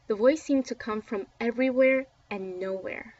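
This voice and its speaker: A woman reading a children's book aloud with expressive, dramatic storytelling, recorded dull and a little distant from the mic. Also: on the high side, normal speed, no echo. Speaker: book reader.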